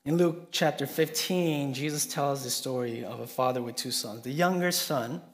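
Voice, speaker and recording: A man preaching a sermon, telling a story earnestly and swinging between soft and emphatic delivery. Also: medium pitch, moderate pace.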